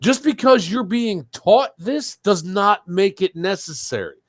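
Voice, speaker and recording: A man's voice: high-pitched, animated, measured pace, dry recording, clean studio sound. A man hosting a talk show, ranting heatedly in casual talk, swearing and raising his voice when angry. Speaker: show host.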